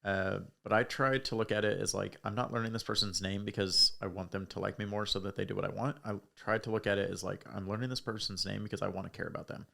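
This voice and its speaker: A man's voice: fairly low pitch, steady tone, fast talker, gravelly, hardly any pauses, sharp tone. A young man who is a podcast guest, talking earnestly in casual chat and leaning on "like" as a filler.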